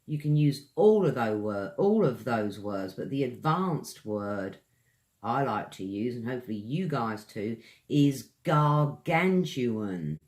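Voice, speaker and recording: An English teacher with a British accent gives an online pronunciation lesson, drawing each word out slowly and chatting to viewers between examples. His voice sits in the mid range, sing-song and somewhat dark in tone.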